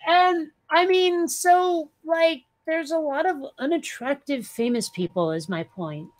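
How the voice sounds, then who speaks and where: A woman's voice: sits high, a little slow. A woman co-hosting a podcast, chatting casually with a drawling Valley Girl voice, rambling, joking crudely and using many fillers. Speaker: podcast co-host. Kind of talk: casual chat.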